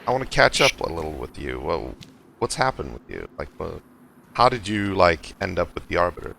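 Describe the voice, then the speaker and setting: Gravelly low-voiced man in lively chat. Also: fairly quick, a little hiss or hum. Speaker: roleplay player. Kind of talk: in-character casual chat.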